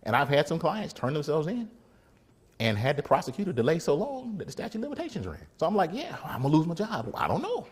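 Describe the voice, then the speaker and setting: A man, a defense attorney, giving a casual motivational faith talk, animated, laughing often and acting out little scenes. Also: on the high side, quick pace, husky.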